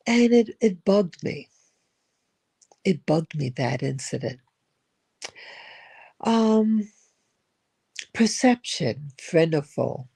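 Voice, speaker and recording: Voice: medium pitch, animated, takes it slowly, vocal fry, pauses often, dark tone, husky. An older person telling a personal story in a rambling, reflective way, often repeating and restarting words. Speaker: spiritual vlogger.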